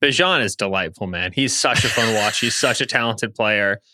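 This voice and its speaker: A man's voice: on the low side, moderate pace, sharp tone. A man chatting casually on a podcast as a football analyst, breaking down a player with lots of enthusiasm.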